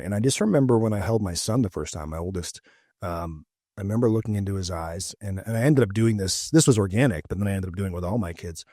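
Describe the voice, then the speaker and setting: A man's voice: on the low side, expressive, mellow, no echo, studio quality. A man hosting a podcast interview, talking in a reflective, personal way. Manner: reflective, personal, pauses to think. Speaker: podcast host. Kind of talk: casual interview chat.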